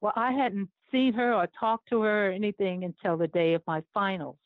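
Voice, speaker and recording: An older American woman, an Olympic chaplain appearing as an interview guest, tells a personal story earnestly and with visible emotion. Her voice is medium-pitched, with fairly even intonation and a slightly fast pace. The line is tinny and phone-like, and the recording is dry.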